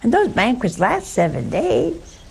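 A woman's voice: fairly high pitch, wildly swooping pitch, a little slow, creaky, darkish tone, slight background noise, poor audio. An older woman, a religious sister, giving a spiritual talk full of personal stories and rhetorical questions to her listeners.

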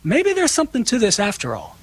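A man's voice: extremely high pitch, huge pitch swings, fairly quick, breathy edge, low-quality recording. A man on a call-in radio show answering callers' questions in an earnest, explanatory way. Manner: earnest, explanatory, acts out example dialogue.

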